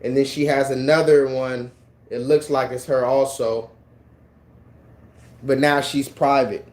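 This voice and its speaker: A man hosting a livestream, talking casually in an animated, mocking and then preachy way. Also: mid-range voice, measured pace. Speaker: livestream host.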